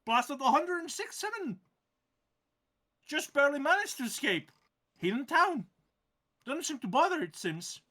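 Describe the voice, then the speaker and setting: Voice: high-pitched, very animated, measured pace, pauses often, bright, forceful tone, pitched above the performer's own voice, full character voice. A game master voicing a sassy, whiny wounded cactus creature in a put-on Italian accent, moaning and mocking. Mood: grumbling. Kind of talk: tabletop game role-play.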